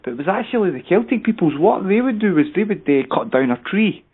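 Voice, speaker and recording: A man rambles through an explanation, circling back with fillers and repeated phrases. His voice is a little husky. It comes through thin and narrow, like a phone call. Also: sits high, big pitch swings, quick pace. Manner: rambling, repeats "basically" and "you know what I mean". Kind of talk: casual explanatory talk. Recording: tinny phone-line sound.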